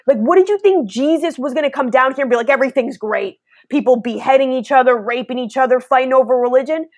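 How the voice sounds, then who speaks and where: A young woman hosting a casual spiritual chat rants bluntly in a fairly high voice, talking fast, swearing freely and breaking into mocking impressions. Her voice comes through close and dry, with no room sound.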